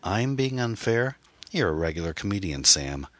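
A man voicing a bitter, angry woman on the phone, snapping and scornful, with shrill outbursts. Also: very animated, normal speed, pushed and bright, slightly rough, no room sound, full character voice.

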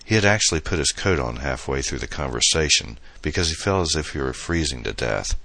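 A man reading an audiobook novel as narrator, in steady, measured storytelling. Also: very deep voice, dry recording. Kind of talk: scripted narration.

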